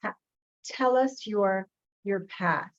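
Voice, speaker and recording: A woman's voice: medium pitch, takes it slowly, dry recording, highs cut off. A woman, a minister hosting an interview, asking questions and sharing her own reflections in an affirming way. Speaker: host, minister. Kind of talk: interview conversation.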